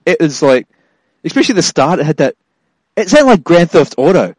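A man rants about a film in casual podcast chat. He swears freely and laughs as he goes, his pitch swinging widely and sitting a little high for a man. The sound is dry and close, with no room echo. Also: big pitch swings, fairly quick, darkish tone, husky. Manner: profane, laughing, mock-outraged ranting. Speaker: podcast co-host.

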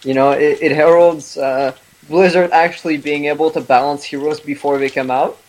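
A man's voice: a little high, fairly even intonation, normal speed, rough recording. A man on a podcast panel, chatting about games in a laid-back way with lots of fillers. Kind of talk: casual gaming chat.

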